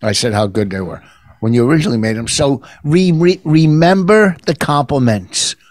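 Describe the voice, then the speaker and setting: An older man in his sixties trades jabs with his wife on their podcast. He sounds defensive and sardonic, and his voice sits at an ordinary middle pitch. The recording is dry and close, with no room sound. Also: lively intonation, normal speed, darkish tone, no room sound. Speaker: podcast co-host. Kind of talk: casual bickering chat.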